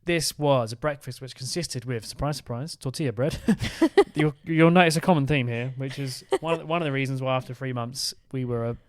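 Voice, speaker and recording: Upbeat man with a smooth voice. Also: medium pitch, no room sound, clean studio sound. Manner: upbeat, jokey, quick list-style rundowns. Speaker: travel vlog co-host. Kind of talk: casual chat.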